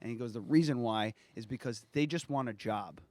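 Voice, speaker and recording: A man's voice: medium pitch, a little fast, a little mellow, dry recording. A man, casually co-hosting a podcast, swearing and laughing as he mocks mispronounced food words. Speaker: podcast co-host. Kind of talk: casual chat.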